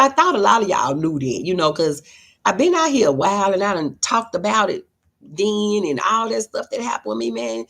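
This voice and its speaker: A woman's voice: medium pitch, sing-song, normal speed, a bit bright, breathy edge. A middle-aged woman hosting a casual livestream, telling heartfelt stories and reading viewer comments aloud. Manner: emotional, heartfelt storytelling. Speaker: livestream host.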